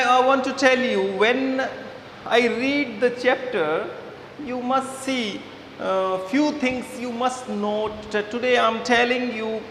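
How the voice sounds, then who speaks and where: A male teacher with an Indian English accent gives a slow, halting classroom lesson, stopping often on fillers and repeating his words. His voice sits fairly high for a man. It is recorded in a reverberant hall with faint background noise. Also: fairly bright tone.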